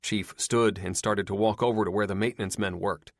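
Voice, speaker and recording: A man narrating an audiobook in the first person with a steady, plain storytelling manner. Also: lowish voice, fairly quick, dry recording, studio quality.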